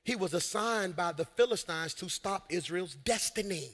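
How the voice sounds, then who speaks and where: A man preaching a lively sermon from a church stage, shouting, laughing and talking to his congregation. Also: high voice, moderate pace. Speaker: pastor. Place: large church hall on stage. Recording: long hall reverb.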